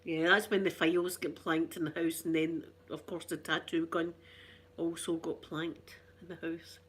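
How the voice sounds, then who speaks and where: A woman's voice: low voice, level tone, normal speed, a little hiss or hum. A middle-aged Scottish woman chatting casually for her ASMR channel, rambling through cheeky, self-mocking stories. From Scotland.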